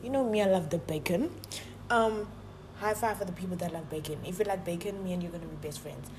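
A woman vlogging casually from her home kitchen, chatty and playful, her voice a little hoarse from yelling. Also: lowish voice, fast talker, noisy background. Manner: playful and chatty, talks straight to viewers. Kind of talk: casual cooking vlog chat.

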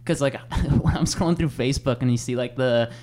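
A man's voice: mid-range voice, a little fast, darkish tone. Laid-back man hosting a podcast. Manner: laid-back, heavy on fillers. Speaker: podcast host. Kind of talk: casual podcast chat.

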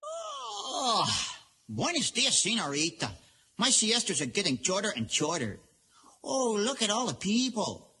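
An actor voicing a cheerful, sleepy male parrot showman, sing-song and bright. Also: sits high, huge pitch swings, a little slow, creaky, breathy edge, exaggerated voice.

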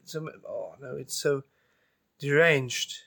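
A man's voice: mid-range voice, slow, creaky, pushed and bright. A man chatting casually between readings, dry and hesitant, doubting himself.

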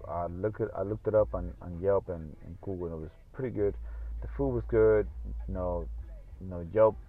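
Casual and rambling, a podcast host talks solo at a normal speed in a low voice. He swears without restraint and uses plenty of fillers, and the audio sounds thin, like a phone.

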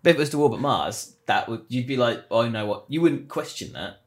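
A man co-hosting a casual comedy podcast, easygoing and quick to laugh as he argues his point. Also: animated. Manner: laughs often, easygoing, mumbles low. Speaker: podcast co-host.

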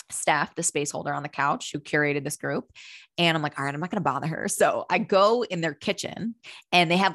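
A woman's voice: low-pitched, a bit bright, dry recording, studio quality. A young woman talking candidly and with animation, swearing casually as she tells a personal story and acts out her own thoughts.

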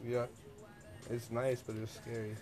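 A man's voice: mid-range voice, completely flat delivery, a little slow, over music. A man co-hosting a casual chat podcast, chiming in with laid-back, profane remarks. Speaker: podcast co-host.

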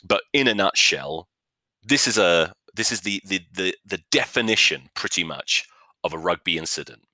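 Deep-voiced man ranting on a podcast. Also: expressive, normal speed, pushed and bright, no room sound. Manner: profane, joking, self-mocking, many restarts. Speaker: podcast host. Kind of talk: rambling comic rugby rant. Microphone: new podcast microphone.

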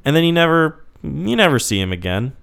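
A man's voice: a little high, big pitch swings, brisk, vocal fry, a bit bright, clear, resonant tone. A man co-hosting a casual movie podcast, laughing often and recapping scenes in a loose, filler-heavy way. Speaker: podcast co-host. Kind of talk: casual film chat.

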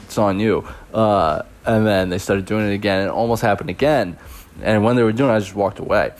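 A man's voice: lowish voice, brisk. A young man hosting a podcast, telling stories from his teaching job in a rambling, laughing way, full of fillers. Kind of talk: casual storytelling podcast.

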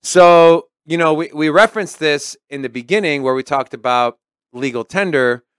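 A man's voice: fairly high pitch, moderate pace, a bit bright, clean tone, no echo. Man chatting on a podcast, dry sound. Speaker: podcast co-host. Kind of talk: casual chat.

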